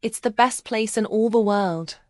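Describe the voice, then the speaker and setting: A woman voicing a very old, wise male frog who speaks gruffly and bluntly in a storybook reading. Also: on the high side, measured pace, darkish tone, no room sound, clean studio sound, lightly acted.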